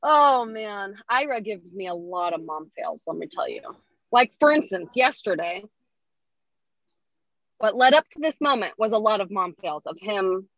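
A woman's voice: medium pitch, a little slow, dry recording. A woman, a mother of young children, chatting casually as a podcast guest and acting out quoted dialogue with lots of laughter. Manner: animated, acts out quoted dialogue, laughs often. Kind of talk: casual storytelling chat.

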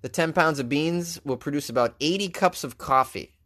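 A man's voice: fairly high pitch, normal speed, a bit bright. A man hosting a comedic news commentary, reading headlines and riffing on them sarcastically. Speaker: host.

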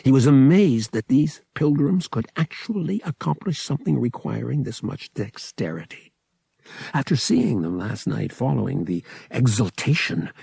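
A man narrating an adventure novel as an audiobook reader, in a measured storytelling manner. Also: mid-range voice, creaky, mellow, slightly rough, no room sound. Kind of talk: scripted narration.

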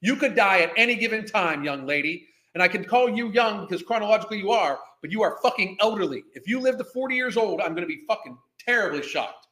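A man's voice: high voice, expressive, fast talker, few pauses, bright, forceful tone. A man hosting a reaction show, ranting at a clip with angry mockery and constant swearing. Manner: angry, mocking, heavy swearing. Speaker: commentary host. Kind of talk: profane ranting commentary. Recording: echoey room.

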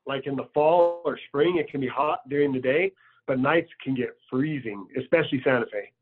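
A man's voice: mid-range voice, moderate pace, over music. A man telling a personal story in a loose, conversational way with lots of fillers. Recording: tinny phone-like sound.

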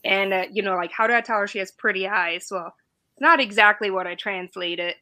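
A woman's voice: mid-range voice, a little fast, poor audio. A woman in her forties, from East Germany and, telling stories in a casual talk as a guest veteran. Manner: storytelling, laughs often, animated. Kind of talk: casual chat on a live stream.

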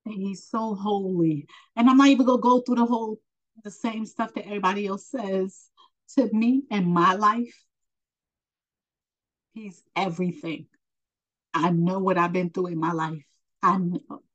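A woman speaks in an informal, heartfelt preaching style, urging and encouraging her listener. Her voice sits at an ordinary middle pitch and carries an emotional, close-to-tears earnestness throughout. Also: steady tone, normal speed, long pauses, highs cut off. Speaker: spiritual teacher.

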